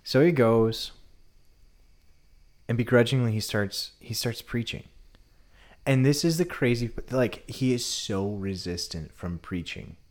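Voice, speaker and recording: A man casually retelling a Bible story in a relaxed, conversational way. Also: mid-range voice, a little slow, pauses often. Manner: relaxed retelling, often drops to a quieter tone.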